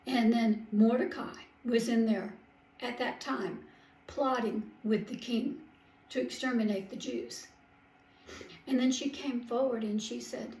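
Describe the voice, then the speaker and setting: A woman tells a Bible story in a homey, unpolished way, stopping to correct herself now and then. Her voice is somewhat high. The room around her is echoey. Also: steady tone, measured pace, darkish tone. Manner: homey, with small slips and self-corrections. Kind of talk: home storytelling of a Bible tale.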